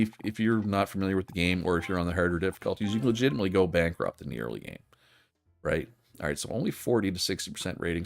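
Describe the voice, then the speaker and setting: Deep-voiced chatty male game streamer. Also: gravelly. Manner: chatty, thinks aloud, frequent fillers and restarts. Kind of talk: casual gameplay commentary.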